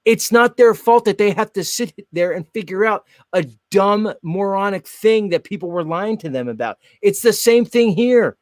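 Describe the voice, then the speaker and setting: A man's voice: high voice, animated, normal speed, hardly any pauses, no room sound, clean studio sound. A man hosting a talk show, speaking bluntly with profanity and challenging his guest. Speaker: host. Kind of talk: opinionated talk-show commentary.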